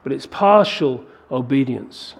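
Gravelly-voiced man preaching a sermon. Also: mid-range voice, a little slow. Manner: animated preaching with rhetorical questions. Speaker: pastor.

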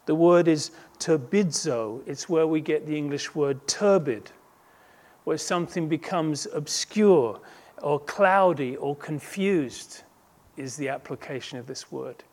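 A man's voice: on the high side, measured pace, darkish tone. A man preaching a sermon as a pastor, earnest and emphatic, building intensity through repeated phrases.

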